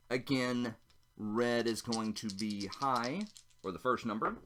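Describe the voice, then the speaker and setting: A man's voice: medium pitch, lively intonation, slow pace, pushed and bright, clean tone. A man narrating a solo tabletop role-playing game, chatting casually and thinking aloud as he rolls dice.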